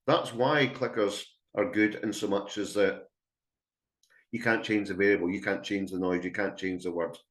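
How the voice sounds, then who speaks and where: Scottish guy teaching dog training to a room, lowish voice, kinda echoey, animated and chatty. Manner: chatty and emphatic, acts out calls to a dog. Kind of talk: webinar talk to a live audience. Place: indoor room with an audience.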